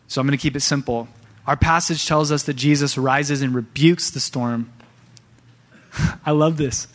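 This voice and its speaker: A pastor, a father of young sons, preaching a sermon in an animated way and often addressing the church directly. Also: mid-range voice. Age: young adult to middle-aged, father of young sons.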